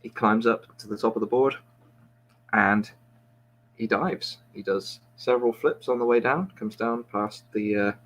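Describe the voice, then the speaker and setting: A man's voice: medium pitch, fairly bright tone. A man, a podcast host, telling a long joke in a rambling, self-mocking way with many restarts.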